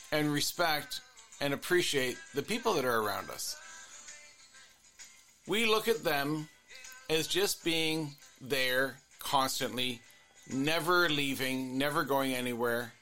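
Bright-voiced musing male therapist. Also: fairly high pitch, expressive, slow, pauses often, faint music behind. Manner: musing, repetitive, earnest. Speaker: couples therapist and podcast host. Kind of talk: reflective solo monologue.

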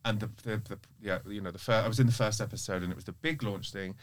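A man's voice: lowish voice, fairly even intonation, fast talker. An English man, a guest on a casual interview podcast, telling frank, rambling stories that are full of restarts and self-interruptions. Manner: frank, swears freely.

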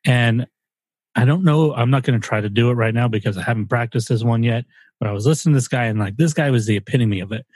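A man's voice: medium pitch, darkish tone, dry recording. A man hosting a casual podcast, joking and swearing as he talks. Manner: joking, swearing, quick to laugh. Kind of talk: casual chat.

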